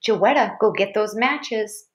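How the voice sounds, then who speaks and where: A woman voicing a furious mother who talks slowly in a hissing Southern drawl. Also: mid-range voice, natural voice. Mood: menacing. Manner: slow and menacing.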